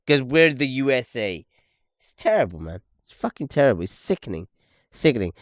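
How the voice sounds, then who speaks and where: A young man hosts a casual podcast and reacts to clips in a loose, profane rant. His voice sits at an ordinary middle pitch and sounds dry and close, with no room around it. He keeps telling the listener to look and keeps asking "okay?". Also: very animated, brisk, no room sound. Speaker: podcast host. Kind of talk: casual commentary over video clips.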